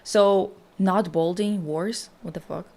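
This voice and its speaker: A woman's voice: medium pitch, slow. Blunt, swearing young woman streamer. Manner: blunt, swearing, animated reactions. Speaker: streamer host. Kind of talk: casual stream chat.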